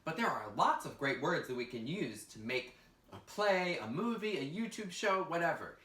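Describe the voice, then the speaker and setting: A male teaching artist runs an online drama class for children, cheering them on and guiding each step. His voice rises and falls in lively sweeps. It sounds echoey and a bit distant from the mic. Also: fairly high pitch, normal speed. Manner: upbeat and encouraging, guiding kids step by step. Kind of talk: virtual drama lesson for children. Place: indoor room, recorded for an online class.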